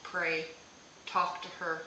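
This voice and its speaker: A woman working as a psychic medium offers a gentle, reassuring live-streamed reading, asking "okay?" as she goes. Her voice is very bright and sharp-edged but fairly low, monotone and slow, and she sits well back from the mic in an echoey room, the lo-fi sound carrying faint hiss.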